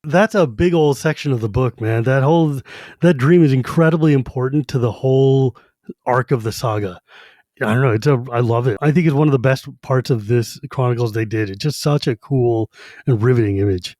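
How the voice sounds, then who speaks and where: A man co-hosting a casual book podcast, retelling scenes in an animated, laughing, slangy way. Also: mid-range voice, brisk, no room sound, clean studio sound. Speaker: podcast co-host.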